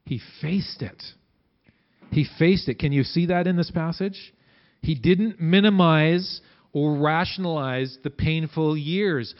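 Animated man preaching, muffled sound. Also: unhurried. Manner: conversational preaching, acting out quotes with big swings in pitch and loudness. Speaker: pastor. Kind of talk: sermon.

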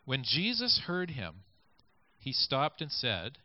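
Lively conversational male preacher. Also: mid-range voice, takes it slowly, dry recording. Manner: conversational, invites listeners to picture scenes. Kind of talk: sermon with scripture reading. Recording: dull lo-fi recording.

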